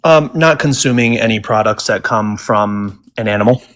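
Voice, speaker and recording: A man's voice: fairly low pitch, normal speed, fairly bright tone. A man calling into a live stream, asking a question politely with many hesitations. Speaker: caller.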